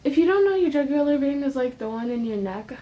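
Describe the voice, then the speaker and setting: High-voiced young woman, earnest and impassioned. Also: expressive, fast, warm tone. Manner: earnest, repeats herself with rising emphasis; casual slang asides. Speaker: faith vlogger. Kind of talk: emotional religious monologue.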